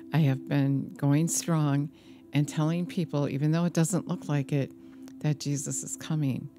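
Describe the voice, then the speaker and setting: A woman minister giving an earnest personal testimony sermon, slow and deliberate, with a warning tone. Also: low-pitched. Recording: music playing behind the voice.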